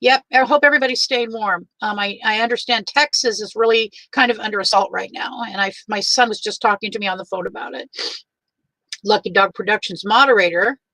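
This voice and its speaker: An older woman hosting a casual livestream. She greets each viewer by name in a warm, chatty way and is teary. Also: medium pitch, a little fast, dry recording, low-quality recording.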